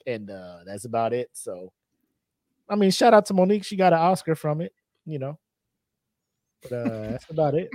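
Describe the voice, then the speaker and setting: A man co-hosting a podcast in casual chat, animated storytelling that breaks into loud acted-out voices. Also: on the high side, moderate pace, long pauses, dry recording. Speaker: podcast co-host.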